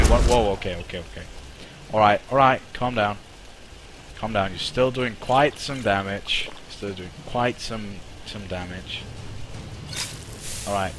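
A young man streaming a game live, swearing and reacting excitedly while chatting to his viewers. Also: fairly low pitch, a little slow, pauses often, noisy background. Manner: excitable, swears a lot, talks to chat. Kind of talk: live gameplay commentary.

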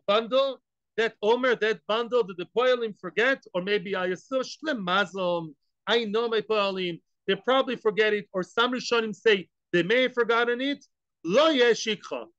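A man teaching a daily Talmud class, animated, asking rhetorical questions and acting out the case. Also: high voice, unhurried, clean tone, no room sound, dull audio.

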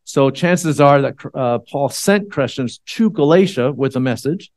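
A man's voice: mid-range voice, lively intonation, unhurried, darkish tone, dry recording, clean studio sound. A man, a church elder, giving a conversational Bible sermon with many fillers and restarts.

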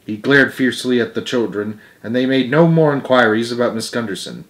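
A man's voice: mid-range voice, a little fast, few pauses, a bit bright. A man reading a children's book aloud with frequent slips, restarts and chatty asides. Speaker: storyteller.

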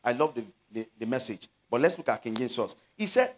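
A middle-aged man with a Nigerian Yoruba accent, preaching a sermon as a pastor, stretching out scripture words and building to loud exhortations. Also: medium pitch, big pitch swings. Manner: slows to stress scripture phrases.

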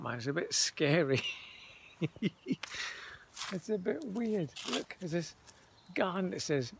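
A man's voice: a little high, gravelly, background noise. A man rambling casually to his viewers, calling them folks, while walking outdoors and filming on a handheld phone. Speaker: vlogger. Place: outdoors, walking around town.

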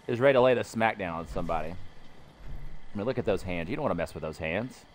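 A man's voice: low voice, a little fast. A man streaming a game while commenting in a put-on cartoon mayor voice with a Boston-style accent that slips toward Brooklyn. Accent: Boston-style impression with slips of Brooklyn. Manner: talks in a put-on politician cartoon voice, rambling. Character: pompous male cartoon mayor impression. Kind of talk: let's play commentary in a cartoon mayor impression.

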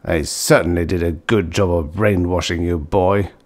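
A man's voice: low voice, steady tone, normal speed. Man doing a grumpy old grandfather. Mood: grumbling. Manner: grumbling, dismissive.

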